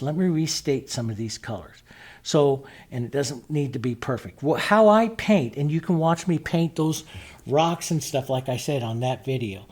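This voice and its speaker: A man's voice: mid-range voice, a little mellow. A middle-aged man teaching acrylic painting as he works, talking it through in a chatty way and often asking "see?". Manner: chatty, thinks aloud, asks "see?" often. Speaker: painting instructor. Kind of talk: demonstrating while painting.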